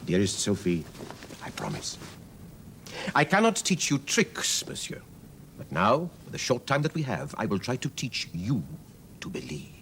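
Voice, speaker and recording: A man's voice: lowish voice, huge pitch swings, a little slow, long pauses, fairly bright tone, a little hiss or hum, full character voice. An older man playing a retired stage actor in a period TV drama, speaking in a grand, courtly, theatrical way.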